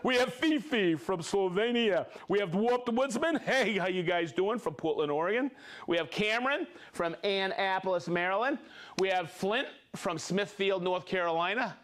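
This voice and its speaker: A man's voice: high voice, animated, moderate pace, a bit bright. A man hosting a live stream, cheerfully reading out viewer names and places and joking between them. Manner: upbeat, reads viewer names and places, jokes and laughs. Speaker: livestream host. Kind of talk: live-stream shout-outs.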